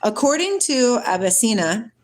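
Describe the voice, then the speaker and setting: A woman's voice: on the high side, sing-song, moderate pace, a little hiss or hum. Giggly woman chatting on a livestream. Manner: giggly, laughs often and drifts into tangents. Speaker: livestream host reading viewer comments. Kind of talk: casual spiritual livestream chat with reading aloud.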